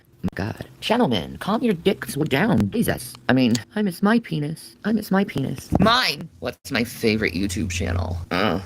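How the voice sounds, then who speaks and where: A woman's voice: a bass voice, wildly swooping pitch, moderate pace, a little hiss or hum. A woman streaming live, reading and answering her chat in a crude, sarcastic, swearing way.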